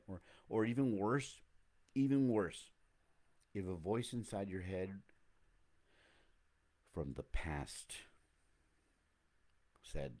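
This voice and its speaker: A man's voice: low voice, expressive, moderate pace, long pauses, darkish tone. A man hosting a casual motivational talk, rambling and reflective, often correcting himself mid-sentence.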